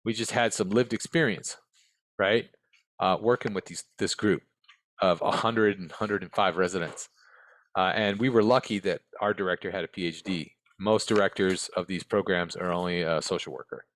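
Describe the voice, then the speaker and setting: An American man with a lowish voice speaks in a blunt, frank way, answering interview questions as a former case manager. He often checks in with his listener through short tag questions. The sound is close and dry, with little room around it. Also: normal speed, a bit bright, no echo.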